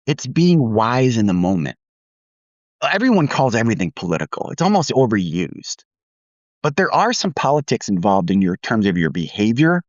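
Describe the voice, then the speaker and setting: A man's voice: medium pitch, no echo, muffled recording. A man co-hosting a podcast tells a candid work story. He pokes fun at himself and laughs as he talks. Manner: candid, self-deprecating, laughs while telling stories. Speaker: podcast co-host.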